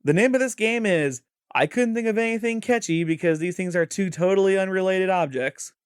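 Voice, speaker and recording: A man's voice: high-pitched, brisk, clean tone, no echo, clean studio sound. A man co-hosting a podcast in casual chat, with a Midwestern American accent, playful and laughing often. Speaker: podcast co-host.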